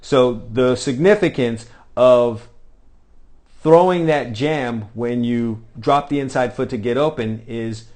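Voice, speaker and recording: A man's voice: medium pitch, a little mellow. Man coaching over drill footage. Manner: instructive, repeats cues and "all right?". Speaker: football coach.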